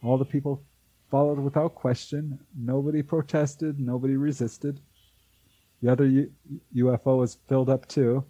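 Man, dark mellow tone, husky, dry close sound, animated storyteller, interview guest. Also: mid-range voice, normal speed, no room sound, lo-fi sound. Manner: animated storyteller who acts out quoted voices. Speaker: author and UFO researcher, guest.

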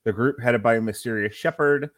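A man co-hosting a film review podcast, reading a plot summary aloud in a halting way, stumbling over names and correcting himself. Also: medium pitch, no echo. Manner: halting read with self-corrections. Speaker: podcast co-host.

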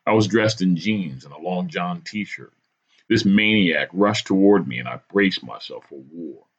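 Low husky guy telling a story, lots of ups and downs in his voice, dramatic. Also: animated, measured pace, highs cut off. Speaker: podcast host. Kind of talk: storytelling narration.

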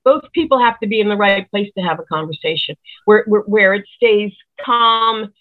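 A woman's voice: mid-range voice, expressive, normal speed. A woman musician giving rambling, earnest advice in casual chat, heard over a tinny phone-like line. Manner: rambling, earnest, many restarts. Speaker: musician guest.

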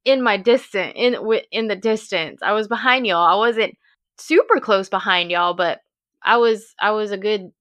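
A woman telling a race story in casual chat, animated and laughing often. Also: medium pitch, moderate pace. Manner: animated storyteller, laughs often, acts out her own thoughts. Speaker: race participant recounting her race.

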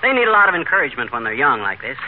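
An actor playing a boastful, wisecracking middle-aged husband in 1940s radio comedy, brash and joking. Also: male voice, medium pitch, very animated, racing, narrow, tinny audio, natural voice. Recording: scratchy 1940s radio broadcast, loud hiss.

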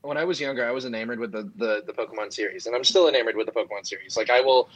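A young man co-hosting a casual podcast chat, animated and quick to jump in. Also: mid-range voice, dry recording, highs cut off. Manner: animated, jumps in and interrupts. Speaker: podcast co-host.

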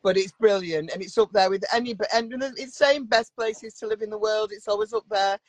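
A woman's voice: mid-range voice, fairly quick, no room sound. A middle-aged woman from Manchester with a Mancunian accent, chatting as an interview guest in a blunt way, with dry humour and plenty of swearing. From Manchester, England. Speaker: guest singer. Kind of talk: casual interview chat.

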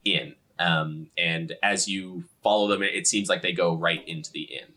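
A young man narrating a tabletop game as game master, relaxed and hesitant. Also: low voice, moderate pace.

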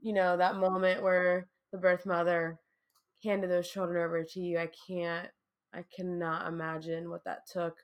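A woman's voice: on the low side, little pitch movement, moderate pace. A woman hosting a podcast who reacts effusively and emotionally to her guest's story. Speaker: podcast host. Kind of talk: casual conversation.

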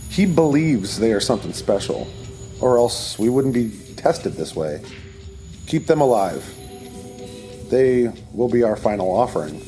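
A man reads as a cruel cult leader in an audiobook, commanding and menacing. He speaks slowly in a soothing, coldly controlled tone at a mid pitch. Soft music plays faintly behind him. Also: very animated. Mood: menacing, calm.

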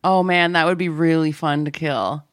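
A woman guest on a comedy podcast, talking in a deadpan, cheerfully morbid way. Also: low-pitched, moderate pace, no echo, studio quality. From Canada. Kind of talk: improvised comedy chat.

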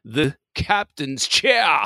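Bright-voiced playful podcast host. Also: male voice, fairly high pitch, very animated, very slow, dry recording. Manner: playful, laughing, teasing. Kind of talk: casual chat.

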